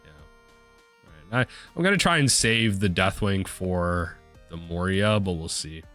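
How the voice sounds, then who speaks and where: A man casually commenting on his own card game as he plays, thinking aloud with sudden excited bursts. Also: sits low, unhurried, faint music behind.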